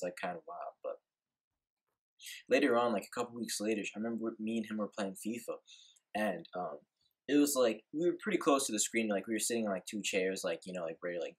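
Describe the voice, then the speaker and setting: A man's voice: fairly low pitch, breathy edge. A young man telling a rambling, laid-back story in a casual vlog, full of filler words and swearing. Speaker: vlogger.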